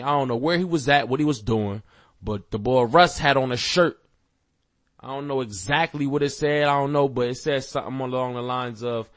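A podcast host with a mid-range voice rants casually, swearing heavily and rambling with fillers as he grows heated. There is no room sound.

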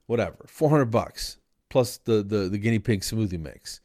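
A man from New Jersey hosting a podcast, telling a comic story in an animated, exasperated way and acting out the dialogue. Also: lowish voice, normal speed. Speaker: podcast host.

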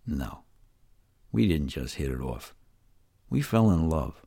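A man's voice: rumbling low, expressive, slow, creaky, mellow, breathy edge. An older man with a New York accent telling his life story in a folksy, conversational way, talking straight to the listener. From New York City. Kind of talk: storytelling narration.

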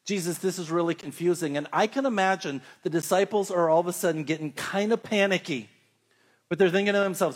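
A man preaching a sermon, telling Bible stories in a conversational way and reading scripture slowly. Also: high voice.

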